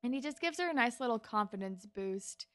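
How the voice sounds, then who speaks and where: A woman's voice: on the high side, animated, fairly quick, a bit bright. A woman co-hosting a podcast, chatting casually as she retells scenes from a TV episode, frank and sometimes sweary. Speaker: podcast co-host. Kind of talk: casual chat recapping a TV episode.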